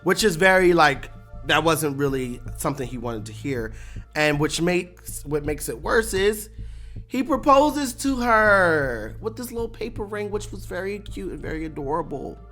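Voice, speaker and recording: A host giving a casual, animated breakdown of a TV episode, laughing often and acting out lines. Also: mid-range voice, moderate pace, soft background music. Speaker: show recap host.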